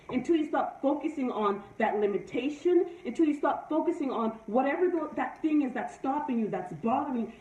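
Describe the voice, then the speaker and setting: A live-stream host with a slightly high, somewhat mellow voice gives a preachy motivational talk, emphatically repeating her points. She sits far from the microphone in an echoey room, so the sound is dull.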